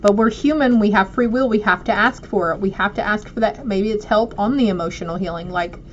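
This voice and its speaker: This female oracle card reader talks straight to her viewers with warmth during a laid-back reading, using a mid-range voice that runs a little fast. Her dull lo-fi recording has a little hiss or hum.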